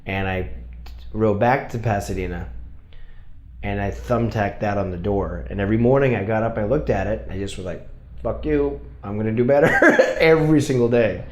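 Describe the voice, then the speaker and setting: A man's voice: on the low side, normal speed, a little mellow. A man, an actor, telling candid stories about his career, swearing and laughing at himself. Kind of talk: casual storytelling. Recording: roomy echo.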